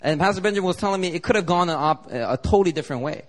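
A man's voice: high voice, very fast. A male pastor preaching a sermon, telling stories animatedly and acting out the voices of the people in them. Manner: animated storytelling, acts out voices.

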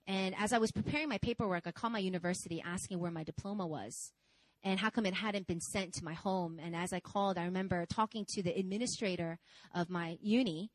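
A woman in her twenties preaching a sermon, telling a personal story in a candid, animated, conversational way. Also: on the low side, fast talker, dry recording, poor audio. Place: church service.

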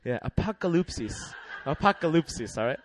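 A young man preaching a sermon in a lively, laughing way, leading the congregation in call-and-response. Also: a little high, brisk, a little hiss or hum.

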